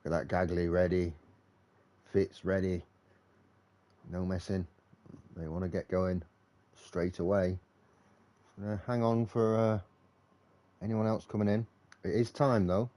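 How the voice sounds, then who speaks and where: Live racing league commentary comes from a man with a low, mellow voice who chats in a relaxed way and thinks aloud between updates. He's a little slow and leaves long pauses.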